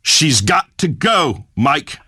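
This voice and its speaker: A man's voice: fairly high pitch, sing-song, slow pace, bright, forceful tone, breathy edge, no room sound, full character voice. A man voicing a brash, pompous redneck talk radio host, middle-aged, holding forth on air in a scripted comedy bit. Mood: blustering. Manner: blustering, pompous pronouncements.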